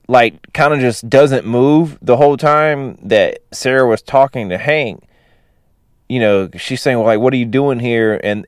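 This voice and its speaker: A man's voice: mid-range voice, clean tone, no room sound, clean studio sound. A man casually recapping a movie plot, rambling with lots of "you know" and "like" fillers. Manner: laughs while retelling.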